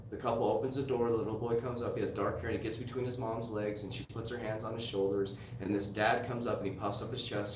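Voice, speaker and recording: A man who is a motivational coach and host, talking in an emphatic, repetitive storytelling manner on a podcast. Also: fairly low pitch. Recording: echoey room, distant mic, background noise.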